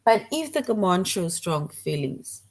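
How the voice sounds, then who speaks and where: A woman's voice: on the low side, big pitch swings, measured pace. A woman teaching a grammar lesson to young children, patient and repeating her points, often checking in with "right?".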